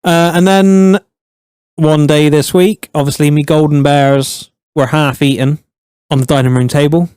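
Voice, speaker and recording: A man co-hosting a podcast in blunt, sweary, deadpan banter. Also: on the high side, unhurried, smooth, dry recording, studio quality. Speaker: podcast co-host. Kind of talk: casual banter.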